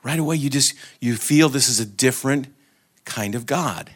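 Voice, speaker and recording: A man's voice: medium pitch, normal speed. A middle-aged man giving an informal, reflective sermon talk at a gathering, speaking conversationally with fillers and restarts.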